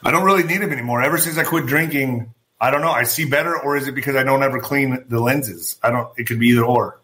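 A man hosting his own political commentary vlog, talking in an animated, profane way and gesturing with his hands as he goes. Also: mid-range voice, quick pace. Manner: former boxer. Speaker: show host.

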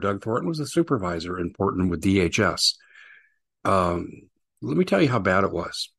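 Man, talk show host, husky, somewhat low voice, emphatic opinion monologue. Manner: emphatic, mocking, slows down to stress points.

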